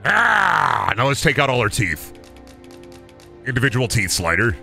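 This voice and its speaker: A man streaming a video game, talking crudely and excitably and laughing often. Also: medium pitch, measured pace, gravelly, long pauses. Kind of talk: casual gameplay commentary. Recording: music playing behind the voice.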